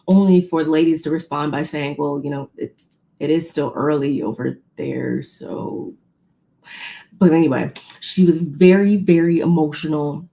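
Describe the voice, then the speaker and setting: A woman co-hosting a casual recap chat, retelling scenes in an animated way with quoted voices. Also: low-pitched. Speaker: podcast co-host recapping a reality show.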